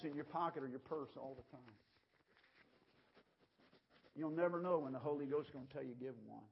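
A man's voice: medium pitch, normal speed, vocal fry, pauses often, husky, muffled recording. A man preaching a sermon, telling stories in a folksy way. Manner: folksy storytelling preacher, acts out gestures. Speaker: pastor.

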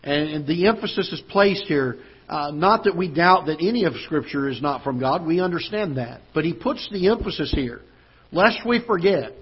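A male pastor preaching a sermon in a church auditorium, breaking into joking asides and then rising and slowing for emphasis when he reads scripture aloud. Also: on the high side, animated, slightly rough, muffled recording. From United States.

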